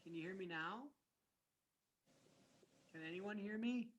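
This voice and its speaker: A man's voice: sits high, a little slow, a little hiss or hum. A man hosting a casual chat over a computer mic, rambling and often interrupting himself. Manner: rambling, chatty, self-interrupting. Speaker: host.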